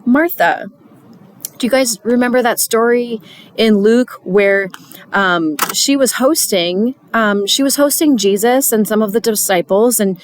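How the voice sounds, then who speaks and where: A woman's voice: on the high side, measured pace. A middle-aged woman speaking to church volunteers in an earnest, chatty devotional talk, with many fillers and restarts.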